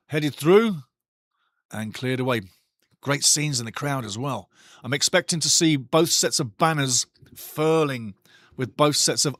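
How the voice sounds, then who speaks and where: A man hosts a live football watch-along, his voice sitting a little high for a man. He rambles in a chatty way and talks straight to the viewers. The sound is dry, with no room echo. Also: a bit bright. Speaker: host.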